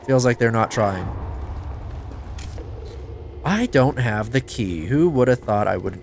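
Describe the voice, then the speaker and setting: A man giving casual let's-play commentary, excitable, talking to himself and swearing, with sudden yelps of surprise. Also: mid-range voice, takes it slowly, creaky, slight background noise. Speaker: gameplay commentator.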